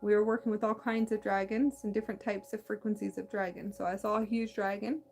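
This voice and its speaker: A woman hosting a spiritual talk, speaking in a meandering, halting way with many restarts and a slight lisp. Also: medium pitch, little pitch movement, a little mellow, slight background noise. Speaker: spiritual channel host. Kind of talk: casual spiritual monologue.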